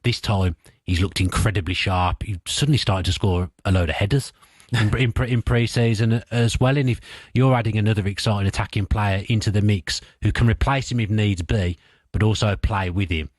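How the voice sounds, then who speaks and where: A man with a Birmingham accent giving thoughtful, animated football analysis as a pundit on sports radio, speaking into a studio mic. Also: fairly low pitch, fairly quick, breathy edge, dry recording.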